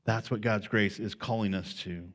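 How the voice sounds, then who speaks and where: Low-voiced pastor in loose sermon talk. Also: male voice, fairly even intonation, moderate pace, fairly bright tone. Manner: conversational, unscripted, with frequent fillers.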